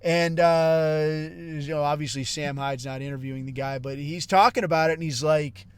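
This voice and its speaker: Profane, smooth-voiced male podcast host. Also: fairly high pitch, steady tone, normal speed. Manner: heavy swearing, constantly says dude and bro. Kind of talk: casual profane rant.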